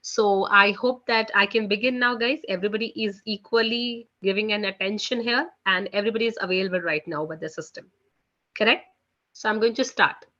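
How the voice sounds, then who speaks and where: A woman hosts a live online French lesson, talking fairly quickly in a bright, forward voice of medium pitch and steady tone. Her style is loose, with frequent "you know"s and "guys," and the call sound is dull and lo-fi.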